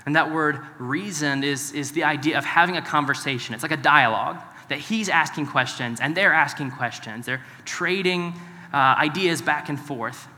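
Preaching in an echoing hall, this pastor speaks at normal speed in a high-leaning, sharp-toned voice. His sermon is conversational, and he asks the congregation questions, all heard through long hall reverb.

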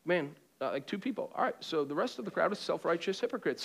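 A man in the pulpit, his voice pitched high, preaching with call-and-response. He swings between ringing exhortation and quiet, hushed passages, and drops in joking asides to the room. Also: expressive, fast, vocal fry, hardly any pauses. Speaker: pastor. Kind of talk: sermon. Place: church auditorium with congregation.

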